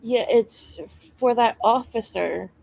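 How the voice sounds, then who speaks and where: Woman caller-in, gravelly, unhurried, slightly higher pitch, halting phrasing. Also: darkish tone. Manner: hesitant, many fillers. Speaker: stream guest. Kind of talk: casual chat.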